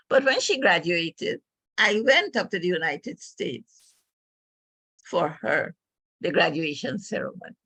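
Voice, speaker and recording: An older woman giving a speech, telling a personal family story in an emotional, halting storyteller's way. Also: lowish voice, gravelly, fairly bright tone, breathy edge, dry recording. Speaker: speaker at a club meeting.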